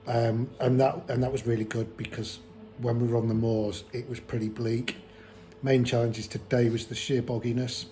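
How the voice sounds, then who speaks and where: Mellow-voiced man vlogging. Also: medium pitch, normal speed, poor audio. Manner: rambling and relaxed, with many ums and restarts. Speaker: long-distance walker filming a trail diary. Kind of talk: casual vlog narration.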